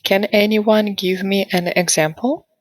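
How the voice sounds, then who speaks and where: A woman teaching a grammar lesson online, slowly modelling sentences for students to repeat and asking them questions. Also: medium pitch, steady tone, no room sound. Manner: slow, deliberate modelling of sentences for repetition. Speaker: English teacher. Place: online class.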